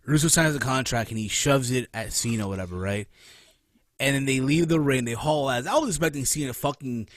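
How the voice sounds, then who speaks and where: Pria pembawa podcast yang blak-blakan, suara kering. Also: male voice, mid-range voice, brisk, no echo, clean studio sound. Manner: animated, profane, keeps asking "right?". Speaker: podcast host. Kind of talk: casual wrestling podcast chat.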